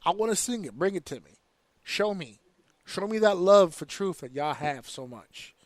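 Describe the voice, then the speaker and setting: A man hosting a casual podcast, ranting in an animated, profane way. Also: sits high, moderate pace, no room sound. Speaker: podcast host.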